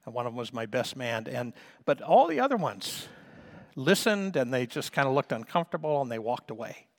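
Male pastor, middle-aged, mid-pitched, fervent sermon delivery with slow stretched emphasis. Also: very animated. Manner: fervent, rising to loud emphatic peaks, stretching key words slowly.

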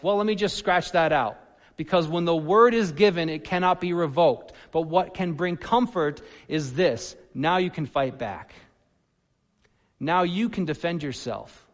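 A man preaching a sermon, animated, swinging between loud emphasis and soft asides. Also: on the high side, a little slow, big-room sound. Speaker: pastor.

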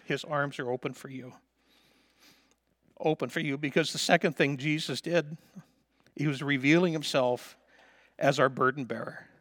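A man's voice: fairly high pitch, fairly even intonation, moderate pace, long pauses, dry recording, studio quality. Man preaching a heartfelt sermon testimony. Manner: personal testimony, swings from hushed to impassioned. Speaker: pastor.

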